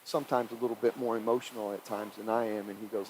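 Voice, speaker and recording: A middle-aged man, a high school football head coach telling stories in a casual chat, animated and laughing. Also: fast talker, few pauses, slight background noise, rough recording.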